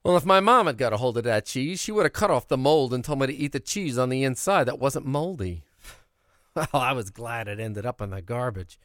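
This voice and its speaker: A man spins a folksy yarn, his pitch swooping high and low as he builds the tale. The sound is close and dry, with no room around it. His voice sits in a middle register. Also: normal speed, no echo. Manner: folksy, animated, expressive. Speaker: storyteller. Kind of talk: oral storytelling of a childhood tale.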